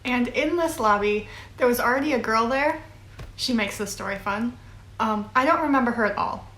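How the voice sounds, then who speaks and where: A woman's voice: on the high side, normal speed, fairly bright tone. A young woman in her twenties telling a long story casually, rambling with fillers and little laughs. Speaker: vlogger. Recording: echoey room.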